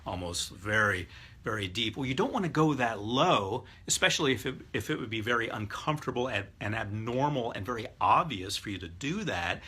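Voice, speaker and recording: A man's voice: medium pitch, pushed and bright, breathy edge. A middle-aged man lecturing a live class on rapport techniques, explaining step by step and demonstrating voices and breathing aloud. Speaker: hypnotist teaching NLP.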